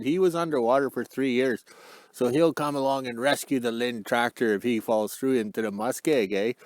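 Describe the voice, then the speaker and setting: A man with a high-pitched voice chats in a folksy, joking way and keeps tacking "eh" onto his sentences. He records a casual vlog on his phone outdoors in the cold, and the sound is close and dry. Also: darkish tone, no room sound. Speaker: vlogger. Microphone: phone camera.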